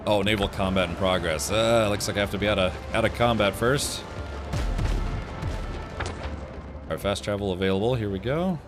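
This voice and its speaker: A man hosting a casual gameplay livestream, chatting in a lively way with quick asides as he plays. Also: fairly low pitch. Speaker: streamer. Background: game music.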